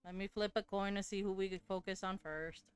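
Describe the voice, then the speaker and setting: A woman narrating a tabletop role-playing game as game master, pausing often with fillers as she thinks. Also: medium pitch, fairly even intonation, clear, resonant tone, faint music behind. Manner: hesitant, lots of fillers.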